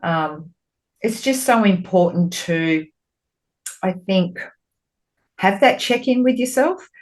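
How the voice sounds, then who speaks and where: A podcast co-host who is a spiritual medium talks slowly at medium pitch in a casual chat. She is candid and expressive, curses freely and gets animated when describing her conversations with spirit.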